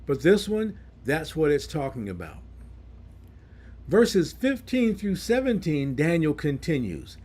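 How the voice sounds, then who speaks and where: A male preacher with a fairly high voice and a lively, rising-and-falling delivery. He teaches through scripture verse by verse and explains each passage plainly for his congregation. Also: unhurried, breathy edge. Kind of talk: Bible teaching sermon.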